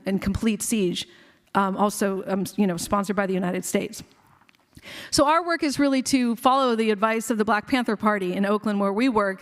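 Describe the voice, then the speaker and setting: A woman physician giving a passionate conference keynote, quick and conversational with many fillers. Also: medium pitch. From India. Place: large conference hall. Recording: long hall reverb.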